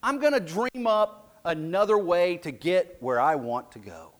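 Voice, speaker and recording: Slow, high-voiced preaching man. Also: animated. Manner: slow, emphatic preaching with dramatic drops to a hush. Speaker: pastor. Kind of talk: sermon.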